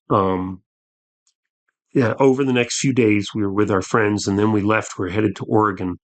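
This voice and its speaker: A man, a podcast guest earnestly telling a personal story, with halting restarts. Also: fairly low pitch, fairly bright tone.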